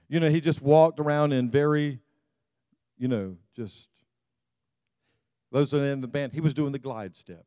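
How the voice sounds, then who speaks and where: A male pastor preaching a sermon in a conversational way, full of "you know" asides and quick laughs. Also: mid-range voice, warm tone, no echo, clean studio sound.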